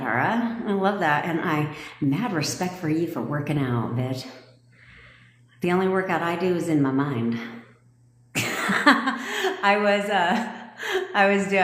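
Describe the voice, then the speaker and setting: A woman manifestation coach on a live stream, talking in a sassy, profane, emphatic way. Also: low-pitched. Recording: echoey room with long reverb.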